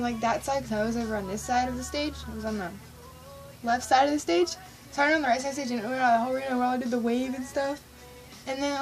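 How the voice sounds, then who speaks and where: A woman with a high, bright-sounding voice tells a story for her vlog in a gushing, excitable rush, reenacting her own squeals. Faint music plays softly behind her. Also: low-quality recording. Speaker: vlogger recounting a concert.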